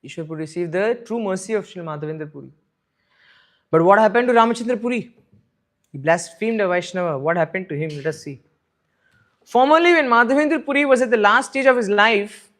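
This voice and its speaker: A man's voice: sits high, lively intonation, fairly quick, fairly bright tone. A man giving an emphatic devotional scripture class, repeating his points. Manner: emphatic, repeating points, asks listeners "right?". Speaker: scripture teacher. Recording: echoey room.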